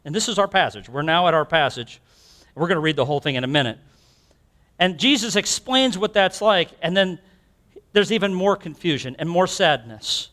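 A man's voice: on the high side, expressive, normal speed, fairly bright tone. A male pastor preaching a sermon in a conversational, storytelling way, talking directly to the congregation.

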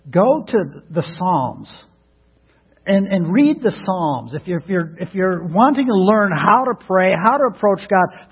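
Male pastor, husky, higher register, earnest sermon delivery with restarts; phone-thin radio sound. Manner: earnest, repeats words when starting a thought. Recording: tinny narrowband radio broadcast.

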